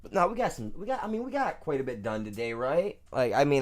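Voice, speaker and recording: A man's voice: mid-range voice, very animated, fairly quick, few pauses. A man streaming a farming game, chatting casually to viewers in a rambling, jokey way and saying "man" constantly. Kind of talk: casual gameplay commentary.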